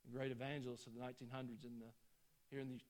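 A man preaching a sermon with passion, swinging from loud bursts to hushed, quiet passages. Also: mid-range voice, flat delivery, very fast. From United States.

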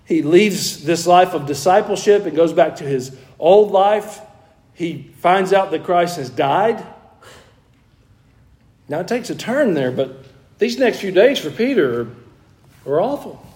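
A man's voice: sits high, lively intonation, unhurried, pauses often, darkish tone. A man preaching a sermon in an earnest, emphatic way, restarting phrases and pressing key points. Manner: earnest, emphatic, with frequent restarts and rising stresses.

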